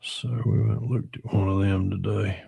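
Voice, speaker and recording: A man's voice: lowish voice, little pitch movement, moderate pace, vocal fry, mellow, husky, dry recording. A middle-aged man from Northwestern Georgia with a Southern accent, hosting a casual livestream while he builds a model car and answers chat in a folksy drawl.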